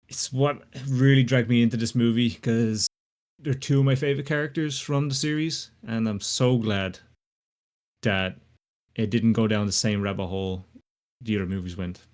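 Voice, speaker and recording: Halting speaker musing about a film. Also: medium pitch. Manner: halting, many fillers and pauses. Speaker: podcast co-host. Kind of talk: casual film discussion.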